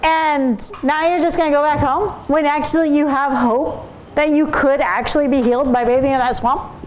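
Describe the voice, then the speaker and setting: A woman's voice: high voice, steady tone, moderate pace, a little hiss or hum, lightly acted, poor audio. A woman doing coaxing servants. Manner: coaxing, persuasive. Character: group of coaxing male servants.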